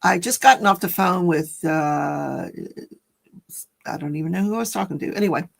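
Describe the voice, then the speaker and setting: A woman's voice: fairly low pitch, expressive, normal speed, creaky. An older woman, a grandmother, chatting casually as host of a livestream, rambling and correcting herself as she tells a story.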